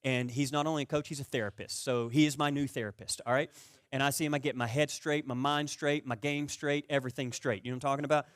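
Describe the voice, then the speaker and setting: A man preaching a conversational sermon as pastor, telling stories with animated, comic energy. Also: fast, dry recording. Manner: animated storyteller who gets loud and high-pitched in comic stories.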